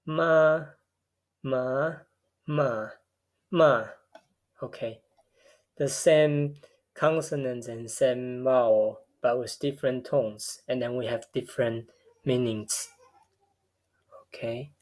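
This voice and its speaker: A man giving a recorded linguistics lecture, explaining step by step in a measured way and often repeating words as he goes. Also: medium pitch, steady tone, a little mellow. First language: a tonal language.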